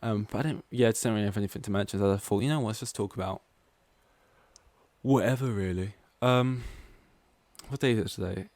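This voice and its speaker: Going off on tangent after tangent, an East London podcast host from England rambles casually through his solo show, dropping "like" everywhere. He talks fast in a fairly low, slightly mellow voice, with no room sound.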